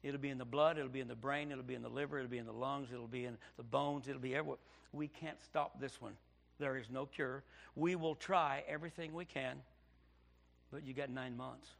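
Pastor guy preaching his testimony, raspy fry in the voice, gets real quiet then yells. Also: mid-range voice, fairly even intonation, a little fast. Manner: preaching with sudden loud outbursts and hushed storytelling. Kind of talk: sermon testimony.

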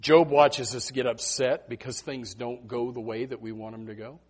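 A man preaching a Baptist sermon, swinging from loud emphatic bursts to hushed asides. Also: medium pitch, steady tone, normal speed, slightly rough.

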